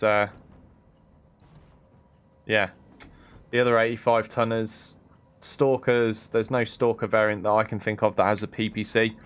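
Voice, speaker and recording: A man casually commentating on his gameplay, thinking aloud and often chuckling. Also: lowish voice. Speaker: streamer.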